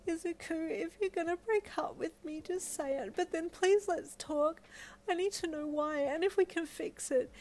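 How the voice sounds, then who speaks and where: A woman playing a tearful, high-pitched young woman. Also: normal speed, a little mellow. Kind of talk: fan fiction audio reading.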